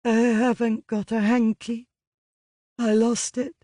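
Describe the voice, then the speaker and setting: A man voicing a tired, shaken young woman who speaks low and haltingly in an audiobook. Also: mellow, no room sound, studio quality. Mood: weary.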